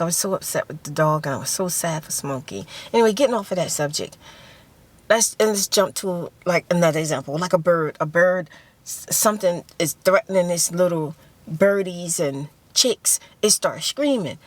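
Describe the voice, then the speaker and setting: A woman's voice: lowish voice, normal speed, no echo. A woman casually telling an emotional personal story, repeating phrases and acting out voices. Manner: emotional, repeats phrases, acts out screams and quotes. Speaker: ASMR vlogger.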